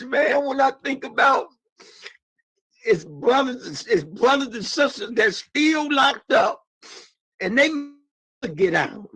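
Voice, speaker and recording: Male panelist, emotional testimony, high bright voice. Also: breathy edge, no echo, poor audio. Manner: emotional, repetitive, calls out "man" and "y'all". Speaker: panelist sharing personal testimony. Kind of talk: impassioned personal testimony.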